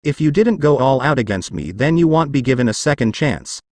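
A man's voice: medium pitch, animated, a little fast, dry recording, lightly acted. A man puts on an arrogant alien warrior woman who sneers at her foes and roars her threats. Her voice leaps up and down with anger, recorded close and dry for a fan fiction audio story. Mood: raging. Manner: sneering, furious shouting. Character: arrogant fierce female alien warrior villain.

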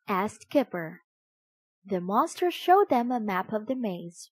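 A woman reading a children's story aloud, slow and expressive in a sing-song way. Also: medium pitch, slightly rough, no room sound. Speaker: storybook reader.

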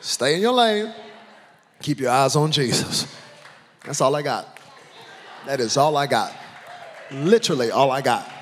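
A man preaching an energetic sermon as pastor, with shouted lines and call-and-response. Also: mid-range voice, measured pace, pauses often, a little hiss or hum. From Texas. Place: large church hall. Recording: reverberant church hall.

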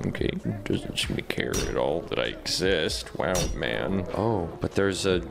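Lively, jokey male game commentator. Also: deep voice, unhurried, gravelly. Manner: excitable, jokey, talks to viewers as "guys". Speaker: gaming channel host. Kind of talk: casual gameplay commentary.

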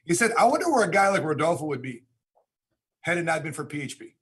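A man hosts a podcast in a relaxed, conversational way, pausing on fillers as he goes. His voice is slightly husky and a little high. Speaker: podcast host. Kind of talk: casual podcast talk.

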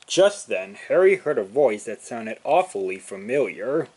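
A man's voice: medium pitch, big pitch swings, unhurried, low-quality recording. Man narrating a children's story.

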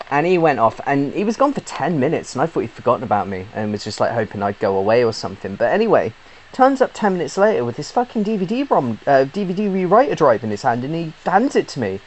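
A man's voice: medium pitch, big pitch swings, fast, darkish tone, low-quality recording. A British man, a YouTube gamer, giving a casual rambling update, chatty and swearing freely with lots of fillers and restarts. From Britain.

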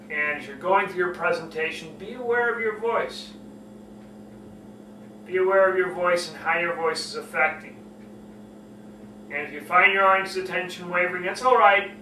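A man with a high, bright voice coaches public speaking and earnestly repeats his key points. He keeps showing how to drop his voice low and slow it down. The recording is roomy and set back from the mic, with a faint hiss behind it. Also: recorded from a distance. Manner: earnest, repetitive, demonstrates lowering and slowing his voice. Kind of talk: spoken lesson to camera.

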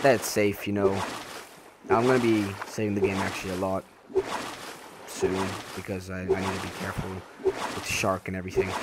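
A young man casually narrating a survival game as he plays, stumbling over and repeating his words, then jumping at sudden scares. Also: low voice. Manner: jumpy reactions to in-game scares. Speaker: gaming channel host. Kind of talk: casual let's-play commentary. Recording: voice over noisy game sound.

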